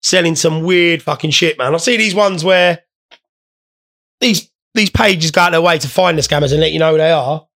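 Rambling, gravelly stoned guy. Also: a little high, normal speed, a bit bright. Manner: rambling, swearing, joking. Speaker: podcast host. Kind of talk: casual podcast chat.

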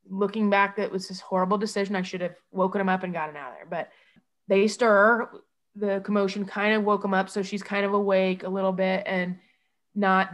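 A woman from Iowa recounting a personal ordeal as a mother, in a halting, emotional way with many false starts. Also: mid-range voice, fairly bright tone. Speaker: mother telling her own story.

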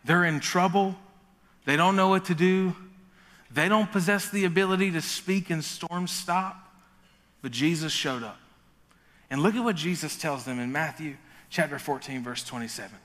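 Male pastor, sermon delivery, energetic and joking, high bright voice. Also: normal speed, in a large hall.

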